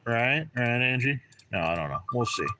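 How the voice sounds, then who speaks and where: A man's voice: medium pitch, big pitch swings, moderate pace, noisy background. A man hosting a live trading card break stream, chatting and joking with viewers by name as he calls out draws. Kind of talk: casual live-stream commentary.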